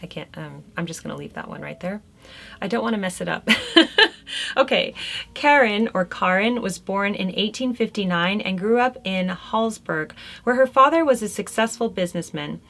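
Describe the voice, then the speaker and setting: A woman's voice: medium pitch, lively intonation, normal speed, creaky, fairly bright tone. Chatty woman host reading art history. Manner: conversational, chatty, laughs between remarks. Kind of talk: reading notes aloud with casual asides.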